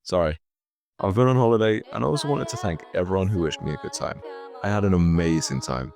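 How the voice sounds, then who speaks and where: A man's voice: low voice, quick pace, creaky, a little mellow. A man hosting his own video, reading a scripted commentary with sarcastic, mock-serious asides. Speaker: YouTube host.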